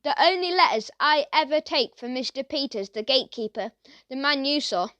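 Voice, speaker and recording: A woman's voice: sits high, lively intonation, moderate pace, fairly bright tone, no echo. A woman voicing a chatty, friendly male postman who gossips about a caretaker in a storybook reading. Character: chatty country postman, grumbling but friendly man. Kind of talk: children's audiobook character voice.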